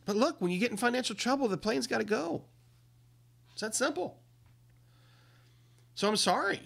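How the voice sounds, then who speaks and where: A man hosting a livestream, talking casually with indignant, emphatic commentary that swings up and down in pitch. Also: expressive, normal speed, vocal fry, fairly bright tone. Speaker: livestream host.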